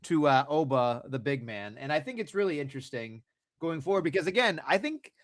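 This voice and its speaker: A man's voice: fairly high pitch, expressive, fairly quick, no room sound. A man co-hosting a wrestling podcast, chatting casually in a rambling, profane way with frequent restarts. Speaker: podcast co-host. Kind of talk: casual chat.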